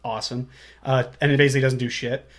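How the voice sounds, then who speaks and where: A man's voice: medium pitch, level tone. A man co-hosting a casual movie podcast, recapping the plot in a laid-back way and often laughing. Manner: laid-back, quotes characters in quick asides, laughs often.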